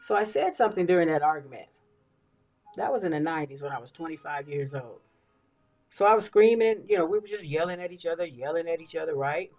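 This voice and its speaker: A woman's voice: sits low, lively intonation, fast, darkish tone, low-quality recording. A woman in her fifties talking casually while getting ready, telling stories animatedly and often repeating phrases and checking in with listeners. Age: 50s. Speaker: beauty vlogger. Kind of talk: casual get-ready-with-me talk.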